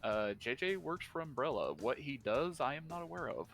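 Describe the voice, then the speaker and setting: A man's voice: medium pitch, very animated, moderate pace, vocal fry, a bit bright, soft background music. A man playing a tabletop game, speaking in character in an easygoing, hesitant way. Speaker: player.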